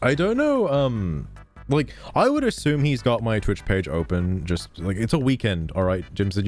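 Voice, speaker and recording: A man streaming live, chatting casually in an animated, profane way, his throat strained. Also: fairly low pitch, normal speed, faint music behind. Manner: animated, profane, laughing often.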